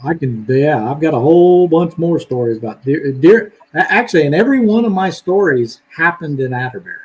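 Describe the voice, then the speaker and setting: A man co-hosts a live chat and tells stories in a relaxed way. He laughs easily, and his voice sits slightly high. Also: a little fast, low-quality recording. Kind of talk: casual chat.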